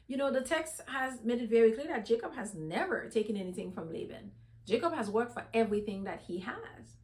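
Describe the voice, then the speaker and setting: A woman hosting a casual Bible reading commentary, retelling the story conversationally with lots of "you know". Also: a little high. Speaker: host.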